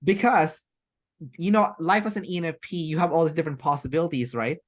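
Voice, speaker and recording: A woman's voice: low voice, a little fast. A woman as an interview guest, talking in a rambling, chatty way with many fillers and restarts. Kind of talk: casual interview chat.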